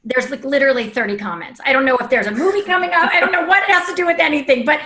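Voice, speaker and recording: A woman's voice: high-pitched, racing, bright, forceful tone. A woman hosting an interview, effusive and full of compliments for her guests. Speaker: interview host.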